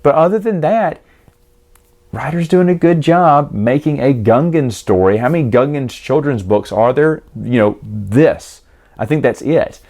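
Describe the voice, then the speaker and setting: A man's voice: medium pitch, a little mellow. A man giving a casual, rambling book review with wry asides, who acts out the characters as he retells the plot.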